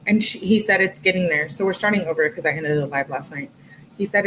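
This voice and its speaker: A young woman with a low-pitched, fairly bright voice briskly reads text messages on a livestream, chatting and commenting between the quotes. It's a casual read-through captured on poor audio with slight background noise.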